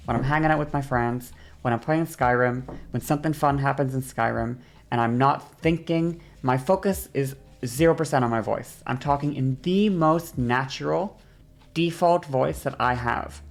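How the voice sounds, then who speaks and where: Low, gravelly-voiced woman streamer explaining. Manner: demonstrates by sliding her voice up and down; rambling, self-correcting, laughs often. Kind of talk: casual livestream explainer.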